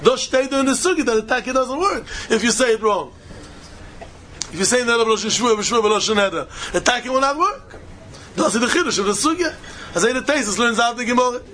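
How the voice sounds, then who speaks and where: A man's voice: sits high, fairly bright tone, slight background noise. A man giving a Talmud study lecture in a sing-song style, mixing in Yiddish and Hebrew terms and rising into questions. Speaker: Talmud teacher.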